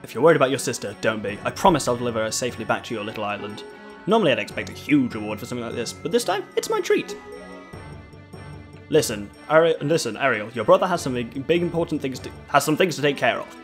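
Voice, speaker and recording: A man's voice: medium pitch, very animated, fast talker, soft background music, natural voice. A man voicing a brash, bossy young female pirate captain who gives curt commands, in a game playthrough.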